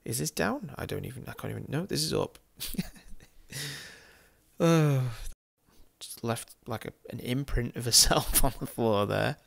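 With a creaky, expressive voice of medium pitch and a measured pace, a football game YouTuber from England laughs his way through a virtual city street tour. His commentary is casual and amused, full of chatter and joking asides.

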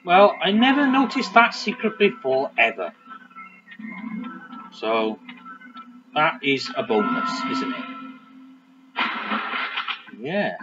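A man's voice: on the high side, big pitch swings, takes it slowly, pauses often, muffled recording, music in the background. A man casually commentating a video game, chatty and joking as he rambles. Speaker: let's play host.

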